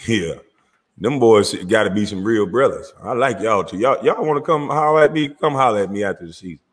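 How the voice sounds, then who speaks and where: A show host with a husky voice and Southern twang rants loudly and animatedly on his own show, cursing freely and bursting into laughter. His lowish voice is expressive and brisk, and it rings with a long reverb.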